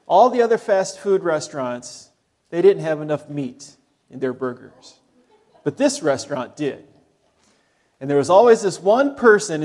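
A middle-aged man preaching a sermon as pastor. He speaks conversationally and drops to soft, low tones for emphasis.

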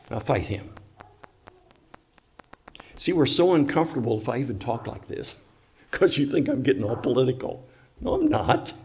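A man's voice: mid-range voice, darkish tone, slight background noise. Guy preaching in church, punchy, fires off questions, chats with the folks in the pews. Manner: emphatic, rhetorical questions, talks with congregation. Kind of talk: sermon.

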